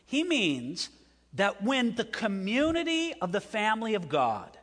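Lively high-voiced preacher in a hall. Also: male voice, unhurried. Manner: preaching with rising emphasis and questions to the congregation. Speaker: pastor. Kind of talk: sermon.

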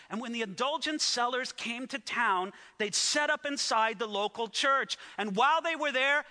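A man giving a sermon, telling a story with lively asides to the audience. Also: very high-pitched. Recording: echoey hall.

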